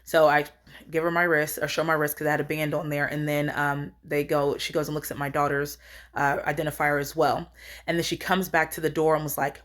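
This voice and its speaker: Low-voiced woman telling a personal story. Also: flat delivery, a little fast, fairly bright tone. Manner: rambling, earnest, acts out quoted lines. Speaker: storyteller vlogger. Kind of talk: casual storytime.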